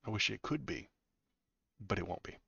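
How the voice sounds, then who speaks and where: A man with a very deep voice gives live political commentary, sardonic and halting, full of fillers and repeated words. The sound is dry and close with no room. His mic is a little dull and lo-fi. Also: lively intonation, gravelly, sharp tone, husky, no echo. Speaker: political streamer.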